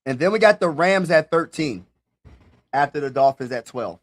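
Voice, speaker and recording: Hyped young guy doing a live draft reaction stream, chatty, keeps repeating himself, kinda high voice. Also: normal speed. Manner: excitable, talks to viewers directly, repeats himself. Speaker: streamer hosting a draft watch party.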